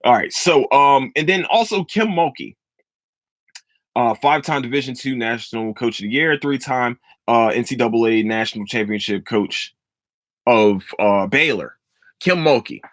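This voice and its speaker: A man hosting a casual sports podcast, giving emphatic, profane opinions in an animated way. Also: mid-range voice, normal speed, dry recording. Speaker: podcast host.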